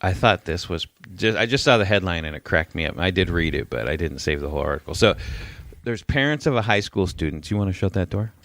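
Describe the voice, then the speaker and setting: Low-voiced man, blunt and profane. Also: expressive, quick pace, a bit bright, no echo. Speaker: podcast co-host. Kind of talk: casual chat.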